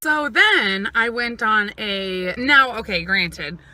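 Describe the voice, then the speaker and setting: A woman's voice: mid-range voice, animated, slow, bright, forceful tone, dry recording. A woman vlogger talking casually and emotionally to camera, acting out what others said. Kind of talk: casual vlog monologue.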